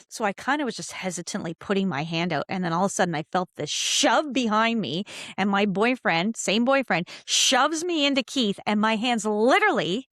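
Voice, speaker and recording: A woman in her fifties hosting a podcast, telling personal stories in a casual, excitable way and laughing often. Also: mid-range voice, brisk, no echo, clean studio sound. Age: 50s. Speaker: podcast host.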